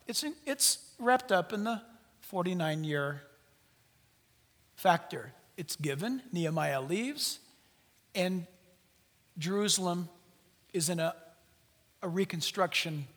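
A man's voice: sits high, animated, slow pace, long pauses, fairly bright tone. A man preaching a sermon, speaking animatedly to the congregation and acting out the voices in the biblical dialogue. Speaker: pastor. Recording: long hall reverb.

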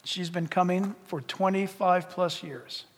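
High, animated pastor preaching in a reverberant hall. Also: male voice, unhurried, gravelly, a little hiss or hum. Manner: animated, acts out little dialogues, rising to shouts. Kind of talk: sermon. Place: church sanctuary. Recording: long reverb of a church hall.

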